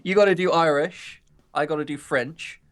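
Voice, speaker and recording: A man's voice: on the high side, fairly even intonation, normal speed, fairly bright tone, faint music behind. A man streaming a visual novel, chatting casually with a co-player and laughing through teasing banter. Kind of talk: casual live-stream chat.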